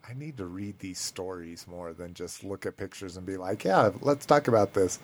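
A man's voice: low-pitched, expressive, normal speed, no echo. A man hosting a podcast in loose casual chat, swearing freely and laughing between remarks. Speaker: podcast host.

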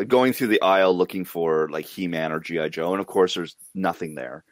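A man on a casual podcast, telling stories in an animated way and swearing freely. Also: sits low, fairly quick, dry recording. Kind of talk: casual chat.

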